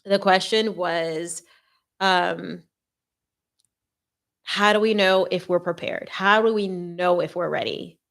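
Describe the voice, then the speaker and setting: Woman host, slightly low voice, earnest faith talk, conversational, playful asides. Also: slow, gravelly, long pauses, fairly bright tone. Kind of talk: faith-based marriage advice talk.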